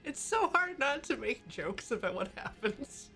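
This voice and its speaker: Unhurried woman streamer with a lively pitch, faint music underneath. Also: gravelly. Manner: unhurried, laughs often. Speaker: stream co-host. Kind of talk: casual chat reading subscriber thanks.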